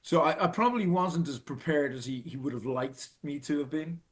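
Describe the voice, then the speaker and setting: A middle-aged Irish man telling a personal story in an earnest, halting way, restarting and repeating phrases for emphasis. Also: fairly high pitch. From Ireland. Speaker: speaker telling his own story.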